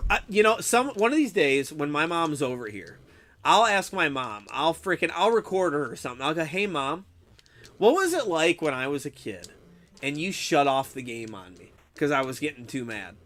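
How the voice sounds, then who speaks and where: A man's voice: a little high, sing-song, normal speed, fairly bright tone. A young adult man chatting casually with viewers during a game live stream, swearing freely and laughing often. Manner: laid-back, swears a lot, laughs often, says dude.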